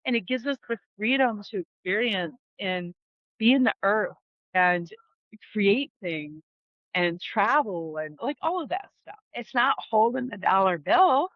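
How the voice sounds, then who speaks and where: A woman's voice: mid-range voice, expressive, unhurried, dry recording, lo-fi sound. A middle-aged woman hosting her own vlog, reflecting candidly and casually, with frequent swearing. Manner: casual, frank, swears freely. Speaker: host.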